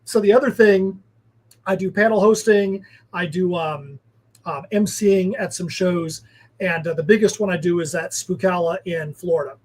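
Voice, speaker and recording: A man's voice: high-pitched, steady tone, normal speed, rough recording. A man, a guest comic creator, telling rambling anecdotes in casual chat. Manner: rambling storyteller, filler-heavy.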